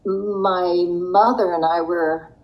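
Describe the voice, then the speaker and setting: An older woman speaking in a low-set voice at a slow, unhurried pace. She looks back on her past with reflective pauses and the odd soft laugh, as an interview guest. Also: fairly even intonation, rough recording. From United States. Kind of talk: interview storytelling.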